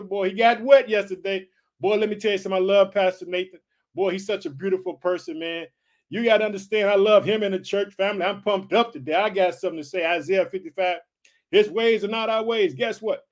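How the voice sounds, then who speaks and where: Male podcast preacher, forties, high-pitched and fervent, repetitive exhortations. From United States. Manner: fervent, repetitive calls of hallelujah and family.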